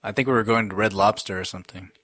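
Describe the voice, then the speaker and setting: Young man, low voice, podcast co-host, animated storytelling, dry close sound. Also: quick pace, no echo. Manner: animated storyteller, exclaims often. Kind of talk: casual chat.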